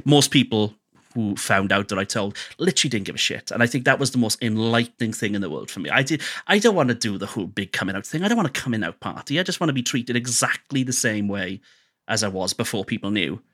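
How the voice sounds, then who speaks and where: A man's voice: fairly low pitch, animated, fast, fairly bright tone. A man, a podcast guest, telling candid personal stories in a chatty, self-deprecating way, often restarting his sentences. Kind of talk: candid storytelling conversation.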